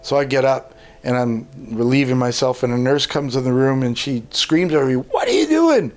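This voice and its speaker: A man's voice: mid-range voice, moderate pace. Man telling his story. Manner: lively storyteller who acts out dialogue, with many "uh" and "like" fillers. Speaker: guest sharing his life story. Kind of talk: personal testimony told in an interview.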